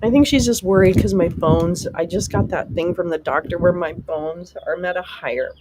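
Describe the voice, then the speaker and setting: A woman's voice: fairly low pitch, normal speed, heavy background noise. A middle-aged woman hosting a live stream, talking in an emotional, rambling and profane way because she is upset.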